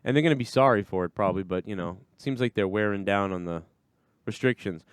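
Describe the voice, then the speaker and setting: A man's voice: fairly low pitch, fast talker, clear, resonant tone, no room sound. Laughing, joking podcast host man. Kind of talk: casual chat.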